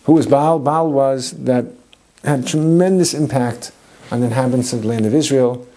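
A man's voice: medium pitch, moderate pace, warm tone. A man teaching a Bible story with humor and energy, dropping in Hebrew and Yiddish terms. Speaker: Torah teacher. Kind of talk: animated biblical storytelling lesson.

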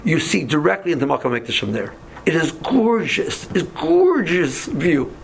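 Gravelly-voiced man telling a story. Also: on the high side, normal speed, slight background noise. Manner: animated, acts out dialogue, frequent restarts. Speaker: Torah teacher. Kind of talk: storytelling in a class.

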